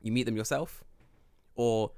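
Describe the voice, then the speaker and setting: A man's voice: medium pitch, unhurried, smooth, no echo. A young man co-hosting a podcast, telling stories with lots of swearing and acting out both sides of each conversation. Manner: animated storyteller, acts out dialogue, swears often. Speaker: podcast co-host. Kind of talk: casual podcast chat. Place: lives in Japan.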